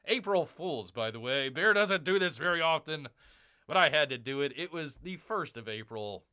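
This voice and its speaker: Casting note: lively male game streamer, bright and animated, chatty, talks straight to his viewers. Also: fairly high pitch, moderate pace, clean tone. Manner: excitable, chatty, keeps addressing viewers as "people". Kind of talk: casual livestream chat.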